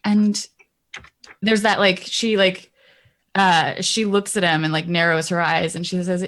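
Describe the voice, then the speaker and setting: A woman's voice: on the low side, fairly even intonation, measured pace, a bit bright. A woman player describing her character's actions in a tabletop game, rambling with many fillers.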